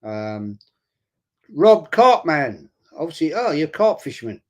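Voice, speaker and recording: A man's voice: a little high, sing-song, unhurried, a little mellow. A man chatting casually on a fan live stream, rambling with restarts and friendly asides as he reads out viewer comments. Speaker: fan channel host.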